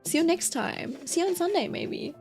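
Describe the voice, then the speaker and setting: A woman's voice: very high voice, animated, normal speed, a little mellow, soft background music. A young woman streamer chatting casually, telling a rambling story full of fillers and giggles.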